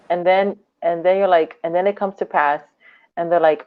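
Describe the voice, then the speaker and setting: Low-voiced woman on a tinny line. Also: fairly even intonation, takes it slowly, pauses often, no room sound. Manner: laughs often, acts out quoted dialogue. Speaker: podcast co-host. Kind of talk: casual chat. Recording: dry, tinny phone-like line.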